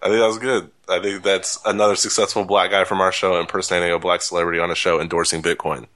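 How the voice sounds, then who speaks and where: A man hosting a podcast, giving dry, deadpan introductions to segments. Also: sits low, fast talker. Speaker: podcast host. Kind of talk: casual banter, introducing segments.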